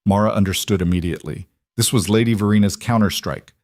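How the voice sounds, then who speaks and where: A man giving scripted, measured, dramatic narration of a story. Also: fairly low pitch, dry recording, studio quality.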